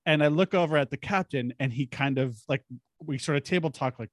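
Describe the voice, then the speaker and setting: A man's voice: on the high side, brisk, dry recording, studio quality. A man hosting a podcast, animatedly telling a tabletop game story in a casual, chatty way. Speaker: podcast host.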